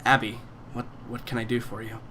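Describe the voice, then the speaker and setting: A man's voice: medium pitch, level tone, a little fast, pushed and bright, a little hiss or hum, close to an everyday voice. A nervous snake-faced henchman played by a man who stammers and trips over his words. He stays subdued and eager to please in a tabletop role-play.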